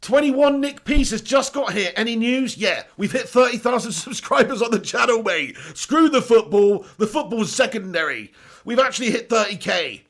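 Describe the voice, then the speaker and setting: Chatty lad with a gravelly voice. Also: male voice, extremely high pitch, expressive, moderate pace, a bit bright. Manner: chatty, laughs often, reads out viewer comments. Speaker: YouTube channel host. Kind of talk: casual live-stream chat.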